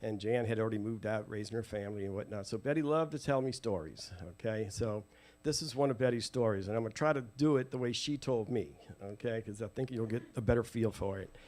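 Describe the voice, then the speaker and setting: A man, a guest telling family stories to a live audience in an animated way, acting out quoted voices. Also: on the low side, quick pace. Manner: lively, acts out quoted voices, laughs often.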